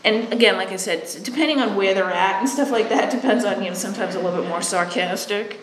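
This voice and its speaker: Woman, mid-pitch, blunt candid testimony with a sarcastic edge; echoey room, faint ambience. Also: fast talker, slight background noise. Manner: blunt, sarcastic, acts out both sides of conversations. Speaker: recovery sponsor and halfway house worker.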